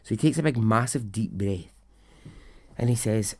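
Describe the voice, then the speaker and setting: Telling a story in a loose, conversational monologue, a podcast host slips into self-deprecating asides before steering back. He speaks at a moderate pace in a somewhat low, darkish voice, with long pauses.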